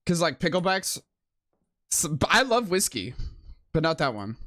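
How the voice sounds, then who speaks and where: Animated, slangy male game streamer. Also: a little high, normal speed. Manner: slangy, profane, laughs often. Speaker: live streamer. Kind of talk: casual gaming commentary.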